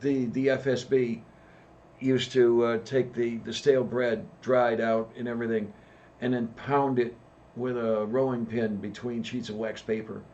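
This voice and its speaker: A man's voice: mid-range voice, flat delivery, a little mellow, a little hiss or hum. Easygoing man on a dull, lo-fi line. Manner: easygoing, unhurried, halting explainer. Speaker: podcast co-host. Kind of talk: casual chat.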